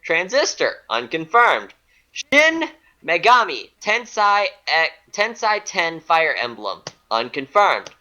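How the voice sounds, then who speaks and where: Male co-host, bright and animated, unhurried singsong delivery, giggly. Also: fairly high pitch, poor audio. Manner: reads items in a rising-then-falling singsong, laughs often; giggly, self-mocking. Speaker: podcast co-host. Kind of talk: casual chat reading a list.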